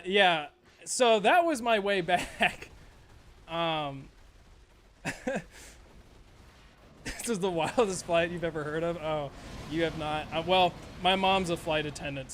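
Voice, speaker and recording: A man's voice: high-pitched, a bit bright. A young man streaming a game, chatting in a rambling, profane way and laughing often. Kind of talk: casual gameplay chat.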